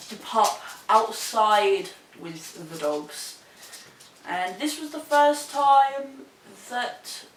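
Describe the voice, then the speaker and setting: A young woman with a New Zealand accent telling a story in a sweary, animated way, laughing as she goes. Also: medium pitch, slight background noise. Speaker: vlogger. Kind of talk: casual storytelling. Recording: echoey room, mic at a distance.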